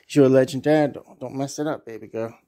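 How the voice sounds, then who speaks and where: A man's voice: medium pitch, steady tone, fairly quick, mellow. A man rambling casually to his pets in crude baby talk, calling himself by a nickname in the third person.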